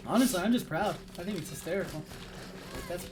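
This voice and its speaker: A young man co-hosting a game stream, telling stories in a deadpan, mock-serious way during casual chat. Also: high-pitched, fast, background noise. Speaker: streamer co-host. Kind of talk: casual chat while gaming.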